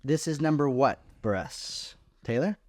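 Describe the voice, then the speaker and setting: Laid-back swearing podcast host, dry room. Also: male voice, medium pitch, expressive, a little slow, a little mellow, dry recording. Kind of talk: casual chat.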